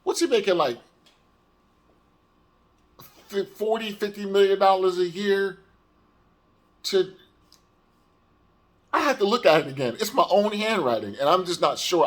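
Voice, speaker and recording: A man's voice: high-pitched, sing-song, a little slow, pauses often. A man hosting his own podcast, ranting with exasperation and stumbling restarts. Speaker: podcast host. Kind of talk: solo sports rant podcast.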